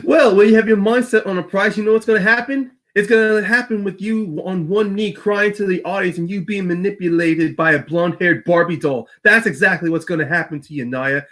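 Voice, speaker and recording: A man's voice: sits high, brisk, hardly any pauses, a bit bright. A man voicing a brash woman wrestling champion in a put-on Irish accent, delivering taunting trash talk.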